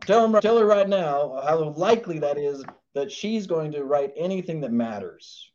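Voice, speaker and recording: A man voicing a devil who loudly eggs him on, on a dull lo-fi recording. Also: on the high side, lively intonation, normal speed, a little hiss or hum, voice pushed up, close to an everyday voice. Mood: goading. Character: goading devil voice.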